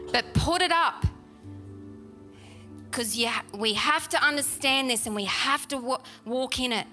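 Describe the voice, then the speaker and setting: A woman's voice: high voice, slow pace, pauses often, soft background music. A woman preaching a sermon to her church, chatty and emphatic, repeating key words. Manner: animated, chatty, with laughs and emphatic repetition. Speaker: pastor. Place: church hall.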